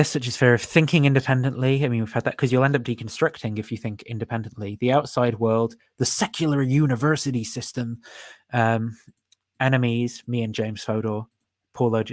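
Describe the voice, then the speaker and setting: A man's voice: medium pitch, dry recording. A man hosting a casual livestream, rambling and thinking aloud with frequent fillers and self-amused laughs. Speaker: host.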